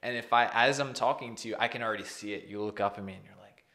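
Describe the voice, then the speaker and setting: Animated male fitness coach, lowish voice. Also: fast. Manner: animated, self-deprecating. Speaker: podcast co-host, fitness coach. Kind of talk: casual podcast chat.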